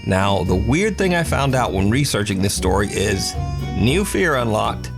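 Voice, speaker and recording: A man's voice: on the low side, sing-song, unhurried, vocal fry. A man giving scripted narration of scary video clips, with a dramatic storytelling delivery. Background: music.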